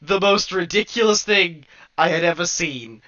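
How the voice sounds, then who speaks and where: A man's voice: high voice, animated, moderate pace, pushed and bright. A man co-hosting a podcast, rambling through a wrestling review in casual chat, laughing often, swearing and getting worked up. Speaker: podcast co-host. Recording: dull lo-fi sound.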